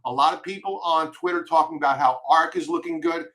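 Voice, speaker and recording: A man's voice: on the high side, fairly quick, pushed and bright. A man with a Long Island accent giving blunt, emphatic stock chart commentary, repeating his warnings. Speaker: market commentator.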